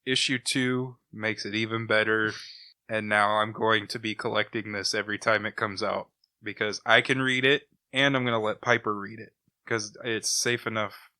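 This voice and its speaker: Man, podcast co-host, bright tone, smooth clear voice, animated casual recap. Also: fairly low pitch, normal speed. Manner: animated plot retelling with chuckles. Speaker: podcast co-host reviewing comics. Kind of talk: casual chat.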